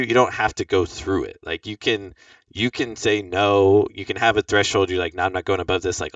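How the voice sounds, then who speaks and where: A young man hosts a podcast about fantasy football, chatting loosely and rambling with plenty of fillers. His voice is on the low side and a bit bright. The mic is distant, giving lo-fi sound, though there's no echo.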